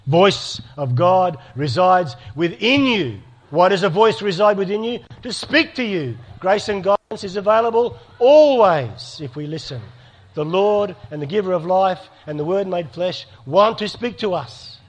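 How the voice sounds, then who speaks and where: This middle-aged speaker has a high, expressive voice and a measured pace. In a sermon before a live audience, he earnestly tells stories and acts out conversations.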